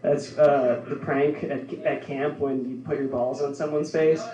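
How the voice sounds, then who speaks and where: A young man doing a stand-up set in a deadpan way, laughing at his own jokes. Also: mid-range voice, unhurried. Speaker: stand-up comedian. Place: bar social club stage, heard from afar. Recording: echoey club from far off.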